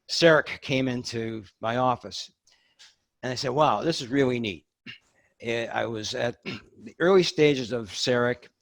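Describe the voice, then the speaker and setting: A man's voice: medium pitch, dry recording. Older Boston man, dry close sound. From Boston area, USA. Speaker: guest, dentist. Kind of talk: podcast interview.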